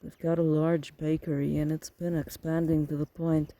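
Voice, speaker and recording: A polite, careful young man who answers questions evenly, read by a male narrator. The voice is higher than average with a gravelly edge and little pitch movement, dry and close for an audiobook. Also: flat delivery, normal speed, dark tone, natural voice, poor audio. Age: young adult.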